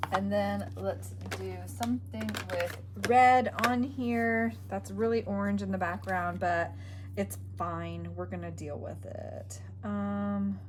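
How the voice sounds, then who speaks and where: Woman craft host, relaxed self-talk, slow pace, noisy recording. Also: mid-range voice. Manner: talks to herself while working, trailing off and muttering. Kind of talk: casual crafting commentary.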